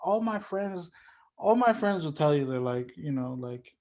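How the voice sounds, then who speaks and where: A young man, a guest musician, talking in a relaxed, loose podcast chat and leaning on "like" and "you know". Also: a little high, unhurried. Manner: laid-back, heavy on "like" and "you know".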